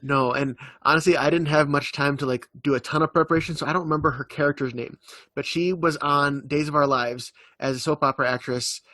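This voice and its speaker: A man's voice: fairly high pitch, fairly even intonation, fairly quick, bright, forceful tone, no echo. A young man co-hosting a podcast, rambling through a retelling with lots of fillers in casual chat. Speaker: podcast co-host.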